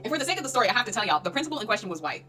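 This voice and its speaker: A young woman from Oklahoma telling a casual storytime in an animated, chatty way, laughing often and filling her talk with fillers. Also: a little high, rapid-fire, faint music behind.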